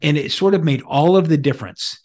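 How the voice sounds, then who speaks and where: A middle-aged man co-hosts a podcast in a relaxed, conversational way. He leans on personal anecdotes and often restarts his sentences as he thinks aloud. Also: fairly high pitch, brisk. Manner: storytelling with anecdotes, frequent restarts. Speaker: podcast co-host.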